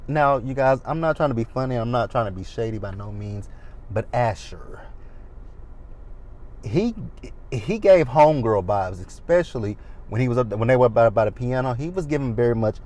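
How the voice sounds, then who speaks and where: A man's voice: mid-range voice, expressive, moderate pace, darkish tone, slight background noise. A man in his thirties recapping a reality show in a chatty, sassy way with dramatic asides. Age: 30s. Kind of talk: casual recap commentary.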